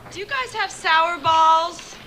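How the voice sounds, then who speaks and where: A woman's voice: extremely high pitch, takes it slowly, over music, full character voice. An actress playing a vain, menacing demon-possessed teen girl in a horror film clip. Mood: sassy. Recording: movie clip with loud background noise.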